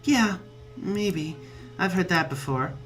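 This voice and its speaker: A man's voice: high-pitched, lively intonation, slow, fairly bright tone, faint music behind, exaggerated voice. A man voicing a lonely, eager young male bee troll with a buzzy voice who apologizes and pities himself. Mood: sulky. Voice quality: buzzy accent. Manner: eager, apologetic, self-pitying.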